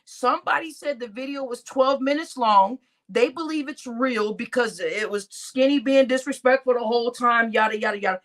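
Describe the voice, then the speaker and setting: A woman's voice: fairly high pitch, moderate pace, hardly any pauses. A woman hosting a live stream, laughing often and talking to her chat in crude slang. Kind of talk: casual live-stream commentary.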